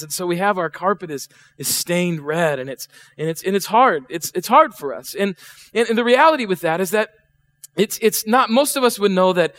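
A high, somewhat bright voice belongs to a middle-aged pastor preaching in church. He chats with the congregation, asks them questions, and slips into acted voices.

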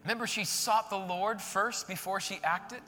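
A high-pitched, bright-toned man delivering an animated sermon, full of slangy retellings and direct appeals. His voice carries a long hall reverb. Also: normal speed. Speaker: pastor.

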